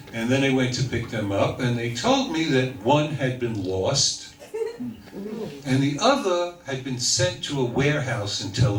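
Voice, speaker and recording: An older man tells a funny story in a slow, unhurried way, putting on the voices of the people in it. He is recorded from far off in an echoey room. Room noise and audience laughter are clearly heard behind him. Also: mid-range voice. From New York. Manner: wry storyteller, mimics voices in quotes. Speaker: speaker telling stories. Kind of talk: humorous anecdote for a live audience. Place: talk hall with audience.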